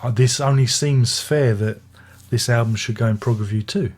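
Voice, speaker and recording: A man's voice: medium pitch, normal speed, darkish tone. An older British man reviewing an album in a casual, rambling way, often restarting his sentences and making chatty asides. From Britain. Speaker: music reviewer.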